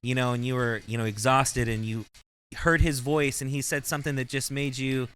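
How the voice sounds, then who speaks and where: A man hosting a podcast, asking long, relaxed questions full of fillers. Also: mid-range voice, moderate pace, smooth. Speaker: podcast host. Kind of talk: casual podcast interview.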